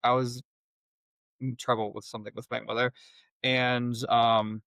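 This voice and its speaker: A man telling his personal story as a podcast guest, in a halting, reflective way with many restarts. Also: mid-range voice, level tone, vocal fry, fairly bright tone, no room sound, rough recording.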